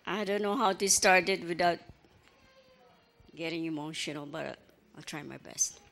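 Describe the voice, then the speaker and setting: An older woman giving a halting, emotional memorial speech as a grandmother, full of apologies and small stories. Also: on the low side, vocal fry, fairly bright tone. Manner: halting, apologetic, tells little anecdotes.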